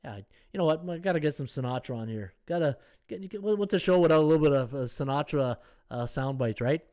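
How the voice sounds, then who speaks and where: A man's voice: on the high side, animated, fast talker, darkish tone. A man hosting a sports betting podcast, chatting casually as he thinks aloud through the odds and reads out viewer comments. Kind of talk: casual live-stream analysis.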